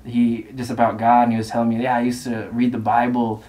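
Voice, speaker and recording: A man's voice: medium pitch, monotone, brisk, darkish tone, rough recording. A young man earnestly sharing his faith testimony. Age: young adult. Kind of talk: testimony interview.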